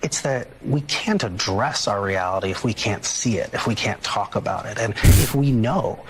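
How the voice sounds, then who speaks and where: A man giving earnest, measured political analysis in a television interview, speaking in a lecturing tone. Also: lowish voice, crowd noise, low-quality recording.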